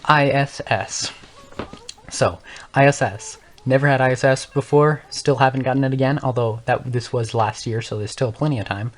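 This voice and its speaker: A teenage boy talks through a casual storytelling monologue for his gaming channel. His voice sits at a middle pitch. He rambles, backtracks and corrects himself, with laughs dropped in between. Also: steady tone, moderate pace. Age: young teens.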